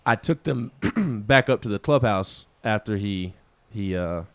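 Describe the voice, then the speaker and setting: Low-voiced man rambling on sports radio. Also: expressive, unhurried, clear, resonant tone, dry recording. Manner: rambling, many restarts, laughs at himself. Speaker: co-host of a sports talk show. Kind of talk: casual sports talk. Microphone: studio microphone.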